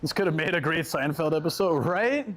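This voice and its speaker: On a casual live stream while out and about, a man with a fairly high, fairly bright voice and lively intonation speaks fairly quickly, telling loose, rambling stories and laughing often. Some slight background noise comes through.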